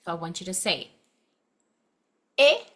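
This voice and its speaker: Woman teacher, children's read-aloud, bright and lively voice, slow and clear. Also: mid-range voice. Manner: animated, exaggerated expression with gasps, slow clear delivery. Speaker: teacher reading a picture book aloud.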